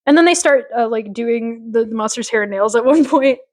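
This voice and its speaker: Female podcast co-host, raised pitch, opinionated casual recap delivery. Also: brisk. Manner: opinionated, rambling, lots of fillers. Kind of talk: casual chat recapping a TV episode.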